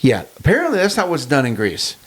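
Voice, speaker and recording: A middle-aged man co-hosting a casual podcast, telling an animated travel story with chuckles. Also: medium pitch, fast, breathy edge. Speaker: podcast co-host. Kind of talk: casual chat.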